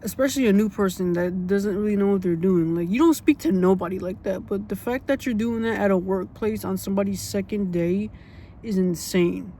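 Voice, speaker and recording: Storytime vlogger, mid-range pitch, fired up and repetitive, cursing casually, light background hiss. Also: brisk, warm tone. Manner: blunt and indignant, swears freely; repeats points for emphasis.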